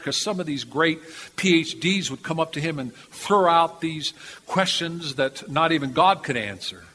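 High-voiced older preacher in a hall. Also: male voice. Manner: animated, repetitive storytelling with chuckles. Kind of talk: storytelling sermon. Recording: reverberant hall, faint background noise.

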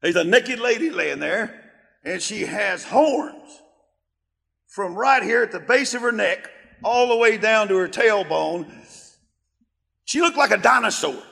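A middle-aged man preaching a sermon, telling a story with fervent emphasis and bursts of shouting. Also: high voice, animated, a little slow, gravelly, pauses often. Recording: long hall reverb.

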